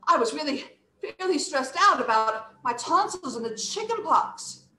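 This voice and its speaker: A woman teaching poetry recitation in a playful way, demonstrating emphasis with exaggerated, deliberate delivery. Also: high voice, big pitch swings, bright, forceful tone, slight background noise. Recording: roomy echo.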